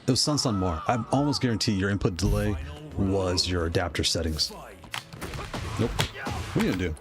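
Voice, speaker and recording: A man streaming a fighting game live, commenting on his matches with excitable outbursts and playful trash-talk aimed at his opponent. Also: low voice, normal speed. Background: loud music.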